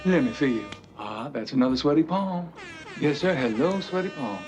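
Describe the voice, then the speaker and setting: A smooth, charming saboteur with a Savannah, Georgia accent, as an actor plays him, joshing and sure of himself. His voice sits a touch above the usual male range. Faint music hums underneath. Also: a little high, lively intonation, moderate pace, lightly acted. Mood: teasing. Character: smooth, cocky male industrial saboteur, middle-aged. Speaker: film character. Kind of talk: 1980s film dialogue.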